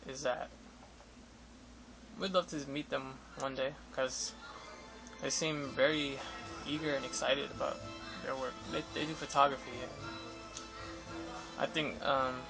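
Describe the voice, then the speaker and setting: A man's voice: medium pitch, fairly even intonation, unhurried, vocal fry, pauses often, rough recording. A young man in a casual vlog, recounting an interview with photographers in a rambling way, full of fillers and restarts. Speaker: vlogger. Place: Los Angeles area. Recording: music playing behind.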